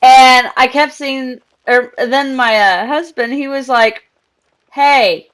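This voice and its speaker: A young woman chats casually on a live stream while gaming, rambling through a story and laughing a lot. Her voice sits high and slightly bright, her intonation stays fairly even, and she takes her time.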